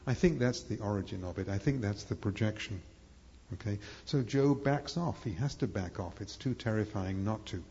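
A man's voice: lowish voice, normal speed, warm tone. A man giving a live lecture to an audience, rambling and hesitant, with many fillers and restarts. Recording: echoey hall, dull lo-fi sound.

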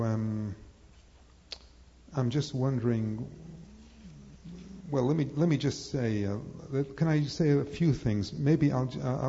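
A man's voice: mid-range voice, mellow. A man giving a live lecture to an audience, rambling and hesitant, with many fillers and restarts. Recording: echoey hall, dull lo-fi sound.

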